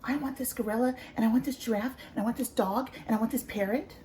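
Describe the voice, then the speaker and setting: A woman voicing an excited, demanding little boy in a picture-book read-aloud, talking in an eager, whiny way. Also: quick pace, a little hiss or hum, natural voice. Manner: whiny, eager, high-pitched.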